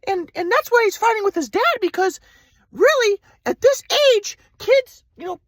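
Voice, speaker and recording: Brief: man putting on a high, gentle old grandpa who lectures softly, dry close sound. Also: expressive, normal speed, no room sound. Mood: lecturing. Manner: soothing, lecturing about oneness and trust. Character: calm preachy grandfather, older man.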